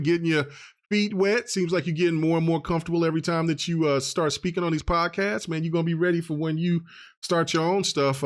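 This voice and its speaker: A man hosting a gaming podcast in loose, rambling casual chat, full of filler phrases. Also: fairly high pitch. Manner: loose and rambling, full of "you know what I'm saying". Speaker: podcast host.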